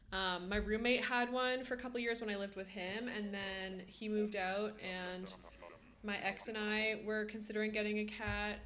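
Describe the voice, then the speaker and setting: A woman's voice: mid-range voice, a bit bright, slight background noise. A young woman streaming, chatting casually with her viewers and cooing at her cat in baby talk. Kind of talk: casual live-stream chat.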